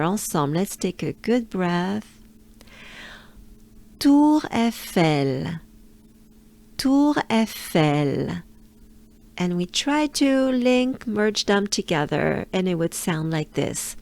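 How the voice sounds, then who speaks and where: A woman with a French accent teaching pronunciation, slowly repeating words for the listener to practice. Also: medium pitch, creaky, a little mellow. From France. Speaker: pronunciation coach. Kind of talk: pronunciation lesson.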